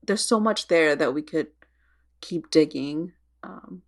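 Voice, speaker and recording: A woman co-hosting a podcast in casual chat. She sounds relaxed and chatty and laughs easily. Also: low voice, takes it slowly, vocal fry. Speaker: podcast co-host.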